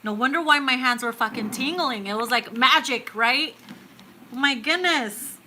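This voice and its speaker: Thirties woman doing a live tarot reading, kinda high voice, super bright and punchy, swears a lot, laughs, calls everyone boo. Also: moderate pace, slight background noise, rough recording. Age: 30s. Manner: excitable, swears freely, laughs often; affectionate, calls viewers boo and babe. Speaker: tarot reader.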